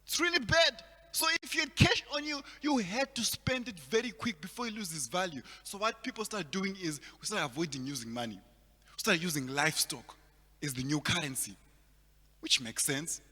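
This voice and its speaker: A man from Zimbabwe delivers a stand-up set in a high, bright, sharp voice that leaps up and down as he acts out the people in his stories. His lines ring out with a long hall reverb behind him. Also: normal speed. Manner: animated storytelling, acts out characters with big swings in loudness. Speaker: stand-up comedian. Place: large hall at a virtual event.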